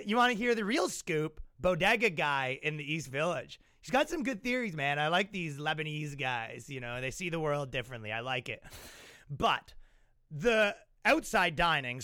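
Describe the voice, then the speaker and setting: A man hosting a podcast, telling rambling comic stories and mocking people with quick impressions. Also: fairly high pitch, sharp tone, no echo, clean studio sound. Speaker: podcast host. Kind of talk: casual comedic monologue. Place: New York.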